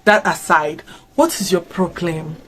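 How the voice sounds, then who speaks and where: Expressive Nigerian woman vlogging reactions. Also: fairly low pitch, a little slow, a little hiss or hum. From Africa. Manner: expressive, fires off rhetorical questions. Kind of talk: casual reaction commentary.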